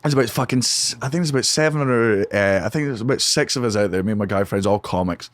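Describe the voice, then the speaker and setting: A young man, a comedian guesting on a podcast, telling a wild story in a rapid, profane, excitable way, recorded in a home studio on a podcast mic. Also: lowish voice, dry recording. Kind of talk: animated anecdote telling.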